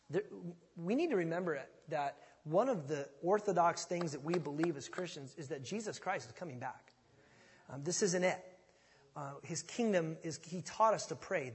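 A man's voice: on the high side, husky. A man preaching a sermon in a conversational, folksy way, often restarting words as he thinks aloud. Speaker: pastor. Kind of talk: expository sermon. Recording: long reverb of a large hall.

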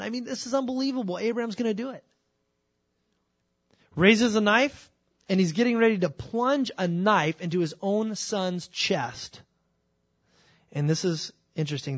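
A man preaching a sermon. He talks in an animated way and acts out the scripture scenes with quick shifts of voice. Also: high voice, dry recording. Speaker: pastor.

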